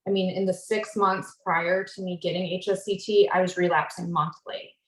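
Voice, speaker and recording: A woman's voice: lowish voice, steady tone, moderate pace. Earnest woman guest, echoey room. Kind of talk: casual roundtable chat.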